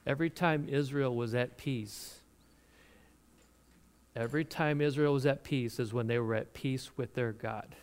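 A man preaching a sermon, retelling a Bible story in an animated way with laughs and restarts. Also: mid-range voice, a little slow, clear, resonant tone.

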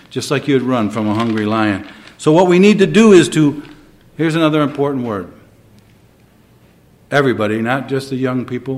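A man preaching a sermon, moving between quiet reflection and emphatic, rising delivery. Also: mid-range voice. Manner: dynamic, swings between soft and emphatic.

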